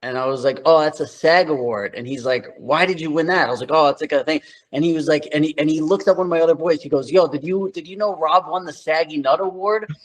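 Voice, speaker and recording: A man's voice: on the high side, fast, hardly any pauses, low-quality recording. A man in his thirties from New York, telling loose, slangy stories as an interview guest, with lots of filler words. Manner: loose, slangy storytelling full of "like". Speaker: guest, actor. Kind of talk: casual interview chat.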